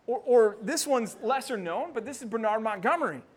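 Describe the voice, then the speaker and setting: A pastor with a rather high male voice delivers his sermon in an animated way. He talks to the congregation directly, and when he reaches the rousing quotes his voice climbs and gets loud. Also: a little fast. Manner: animated preaching, voice rising to near shouting when quoting.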